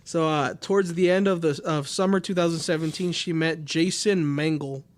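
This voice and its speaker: High-voiced man narrating a true-crime case. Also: steady tone, moderate pace. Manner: reads case notes loosely, swears, laughs often. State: sick, under the weather. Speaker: podcast host. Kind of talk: casual true-crime chat.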